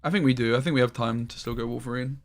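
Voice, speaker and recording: A man giving casual gameplay commentary on a stream, swearing freely and quick to get frustrated. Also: mid-range voice, steady tone.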